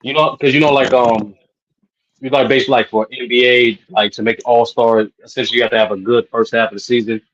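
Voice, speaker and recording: A man's voice: mid-range voice, muffled recording. A man hosting a sports podcast, asking questions in a rambling, casual way full of fillers. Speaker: podcast host.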